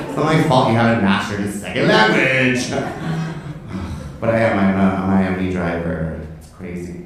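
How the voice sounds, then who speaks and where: Brief: brash, profane male comic working the crowd, lively swooping delivery, echoey club from a distance, audience laughing. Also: fairly low pitch, moderate pace. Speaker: stand-up comedian. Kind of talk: stand-up set with crowd work. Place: comedy club stage before a live audience.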